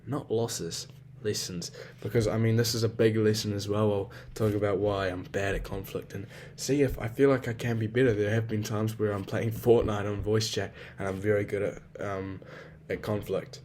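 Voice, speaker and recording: A young man talks through his own thoughts in a loose spoken journal, circling back on himself as he goes. His voice sits a little low. His speech is packed with slang and casual swearing, and it sounds unscripted and self-searching. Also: fairly even intonation, normal speed, a little mellow, a little hiss or hum. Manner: rambling and self-reflective, with heavy swearing and slang. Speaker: vlogger.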